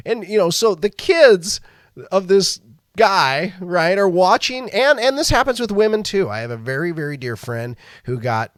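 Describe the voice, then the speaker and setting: A podcast host, a man, tells a story in loose, casual talk. His pitch swings a lot as he acts out quoted lines and laughs between them. The sound is dry, with no room around it. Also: big pitch swings, measured pace, fairly bright tone, smooth, dry recording.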